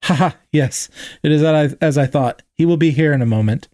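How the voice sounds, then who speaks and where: A polite, stiffly formal female alien leader, voiced by a man in a storybook reading. Her speech is careful and measured, a little raised, with a dry, close sound. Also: fairly high pitch, dark tone, no echo, close to an everyday voice.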